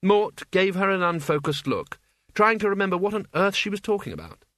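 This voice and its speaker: A man's voice: high voice, very animated, a little fast, a bit bright, dry recording. A man narrating an audiobook in a dry, wry storytelling manner. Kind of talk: scripted narration.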